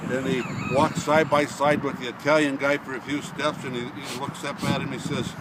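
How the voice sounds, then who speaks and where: A man's voice: mid-range voice, little pitch movement, moderate pace. A man telling a long joke outdoors on a golf course, rambling and repeating himself. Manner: rambling, repeats words and says "he says" often. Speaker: joke teller. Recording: outdoor noise with passing traffic.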